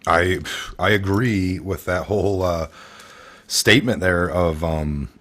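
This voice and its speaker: Deep-voiced rambling male talk host. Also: fairly even intonation, takes it slowly, fairly bright tone. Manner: rambling with many fillers and restarts; acts out quoted people in a raised voice. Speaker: podcast host. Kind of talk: casual political talk.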